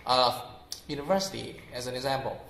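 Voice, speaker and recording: A young man with a Vietnamese accent teaches English in a relaxed, unscripted way. He pauses often with "uh" and says example words over and over, at a middling pitch. His voice echoes around the room. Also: slight background noise. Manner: explains slowly with many fillers and repeats example words aloud. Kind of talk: informal spoken lesson.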